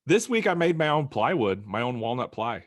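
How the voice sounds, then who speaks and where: Wry woodworker on a dry call. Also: male voice, medium pitch, big pitch swings, a little fast, dry recording. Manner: wry, self-mocking. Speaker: podcast co-host, woodworker. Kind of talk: casual chat. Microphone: remote video call.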